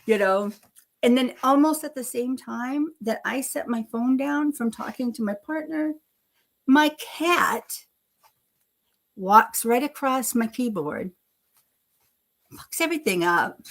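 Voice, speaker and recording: Slow-talking gravelly woman, chatty and rambling. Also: a little high. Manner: chatty, self-deprecating, laughs often, swears casually. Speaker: live stream host. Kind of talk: rambling casual live chat.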